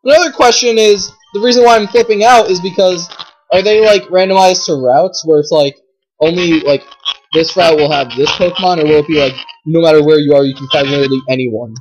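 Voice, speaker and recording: A woman giving casual commentary while playing a game, chatty with lots of fillers, swinging from low mumbling to shrieking outbursts. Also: a little fast, a little mellow, dull audio. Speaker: gameplay commentator. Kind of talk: casual let's play commentary.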